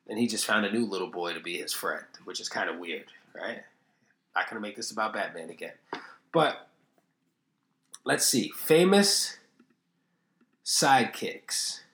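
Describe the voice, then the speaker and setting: In an echoey room, a man with a mid-range, slightly bright voice hosts a casual solo podcast. He rambles, swears freely, and jokes at his own expense.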